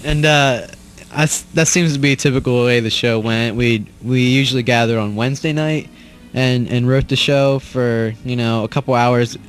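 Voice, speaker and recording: A man's voice: medium pitch, fairly even intonation, normal speed, soft background music. Rambling young man on a commentary track. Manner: rambling, loose, swears casually. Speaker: cast member doing commentary. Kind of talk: casual commentary chat.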